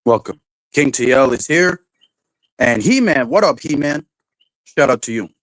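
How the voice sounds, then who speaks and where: A man's voice: mid-range voice, expressive, a little slow, fairly bright tone, no room sound, low-quality recording. A man hosting his livestream in casual chat, irritated, swearing constantly and ranting in restarts. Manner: swears constantly, rants and restarts, raises voice when angry. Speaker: livestream host.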